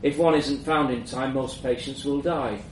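A man tells a first-person story in a measured, reflective way. His voice sits at an ordinary middle pitch and is picked up from some way off the mic. The room is echoey, with a faint hum underneath. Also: fairly even intonation. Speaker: narrator. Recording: roomy echo, mic at a distance, faint background hum.

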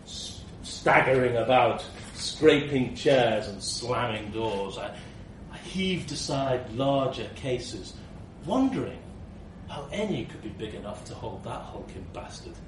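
A man narrating a first-person comic story with a wry, expressive, slightly profane delivery. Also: medium pitch, measured pace, roomy sound, recorded from a distance, slight background noise.

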